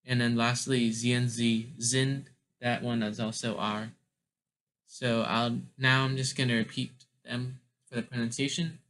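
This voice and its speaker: A man teaching German verbs in an unhurried, casual lesson. He talks slowly at a middle pitch and stops often with ums and restarts. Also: level tone, fairly bright tone, low-quality recording. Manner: slow, deliberate, many ums and restarts. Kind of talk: explaining grammar, casual lesson.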